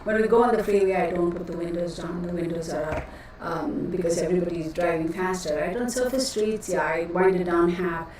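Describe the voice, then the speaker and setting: A woman's voice: fairly low pitch, fairly even intonation, brisk, darkish tone. A woman chatting casually with her live viewers as a tarot reader, rambling along and calling them y'all. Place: cluttered home room she works from. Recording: echoey room, voice distant from mic, faint noise.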